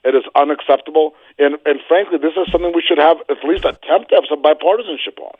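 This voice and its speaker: A man speaks over a thin, phone-like line, his voice a touch higher than most and the sound dry. He is forceful and indignant, and he repeats his points to drive them home. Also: fast talker, slightly rough, dry recording. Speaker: political guest. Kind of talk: call-in radio commentary.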